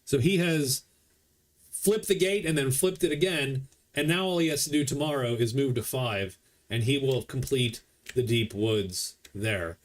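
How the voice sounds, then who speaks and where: Streaming himself playing a board game alone, a man chats casually and walks through the rules along the way. His voice is medium-pitched and a little slow.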